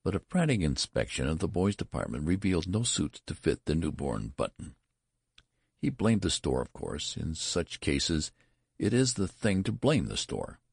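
Casting: deep, husky male storyteller, measured and wry, gravelly, animated delivery. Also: no room sound, clean studio sound. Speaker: narrator. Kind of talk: storybook reading.

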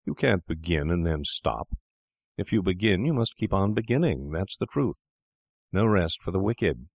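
A man's voice: deep voice, very animated, normal speed, dry recording, clean studio sound, heavily acted. A man voicing a scheming young doctor. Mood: persuasive. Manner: smooth, coaxing, insistent.

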